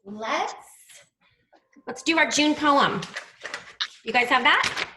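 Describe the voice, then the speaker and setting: A woman teaching young children in an online class, talking slowly and patiently, spelling out sounds. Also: high-pitched, expressive, sharp tone, a little hiss or hum.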